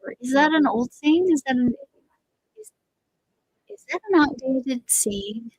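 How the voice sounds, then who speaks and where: A woman's voice: high-pitched, lively intonation, a little slow, breathy edge, no echo, low-quality recording. A middle-aged woman hosting a crochet livestream, rambling in casual chat with a voice that is slightly going. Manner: rambling, chatty, trails off and restarts.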